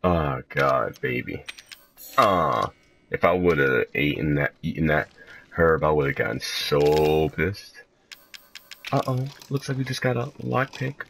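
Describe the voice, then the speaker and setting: A man doing let's play commentary, jumpy and profane, joking at himself and shrieking high whenever something startles him. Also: animated, unhurried, gravelly, background noise. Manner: profane, joking, self-mocking. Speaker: gaming channel host.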